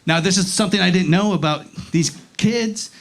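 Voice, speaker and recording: A male stand-up comic with a high, gravelly voice, performing live on a club stage into a handheld mic. He tells his story in an animated way, swears often, and slips into voices for the people in his story. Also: moderate pace. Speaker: stand-up comedian. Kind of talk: stand-up set.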